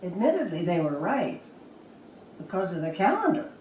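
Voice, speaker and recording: A woman's voice: fairly low pitch, sing-song, moderate pace, crowd noise. A dry old councilwoman. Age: 80s. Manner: dry, matter-of-fact recounting. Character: elderly former woman councilor, matter-of-fact. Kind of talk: TV sitcom acting. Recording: sitcom clip, roomy and distant.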